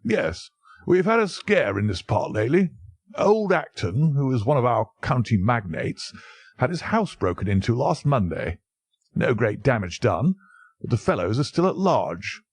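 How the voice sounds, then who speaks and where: A man performs an exaggerated character voice, a hearty, easygoing older country colonel, pitched above his natural register at medium pitch. His delivery is sing-song, a little slow and slightly rough, with no echo.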